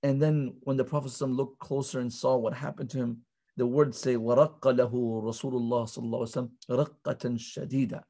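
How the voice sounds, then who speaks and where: A man teaching a class at an Islamic center, retelling a story quickly and reading Arabic passages aloud before paraphrasing them. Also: medium pitch, level tone, mellow. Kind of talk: storytelling lesson.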